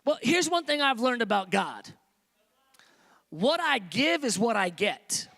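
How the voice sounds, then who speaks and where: A man pastor preaching a sermon, repeating phrases for emphasis and dropping to soft, hushed tones when he tells stories. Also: very high voice, big pitch swings, unhurried, vocal fry. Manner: preaching with rising emphatic repetition.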